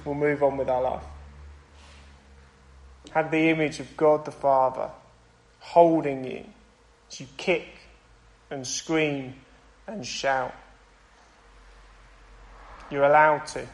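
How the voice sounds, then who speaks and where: A young man delivers a sermon in a church. His voice sits a little high, and his talk is earnest and conversational, with natural pauses and restarts. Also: rough recording. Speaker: pastor.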